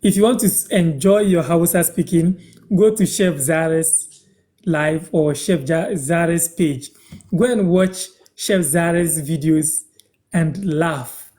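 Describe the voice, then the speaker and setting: A Ghanaian man with a fairly high yet dark, mellow voice runs a relaxed live-stream language lesson. He repeats each word and phrase slowly so learners can catch it.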